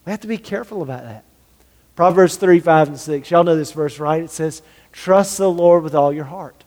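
A man's voice: fairly high pitch, moderate pace, a little mellow, big-room sound. A man preaching a sermon as a pastor, earnest, acting out the lines of people he describes. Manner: earnest, acts out dialogue in quoted voices.

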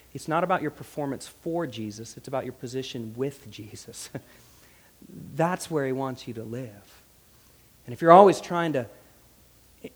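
A man preaching a sermon with animated delivery, jumping between loud emphasis and hushed asides, voicing quotes with character. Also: fairly high pitch, long reverb tail. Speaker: pastor.

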